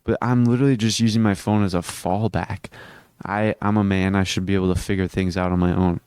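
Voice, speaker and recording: A man's voice: low-pitched, steady tone, brisk, darkish tone, smooth, no room sound. A teenage boy talking in a casual self-improvement vlog, earnest and rambling, often restarting his sentences. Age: teens. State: hiccuping. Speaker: vlogger.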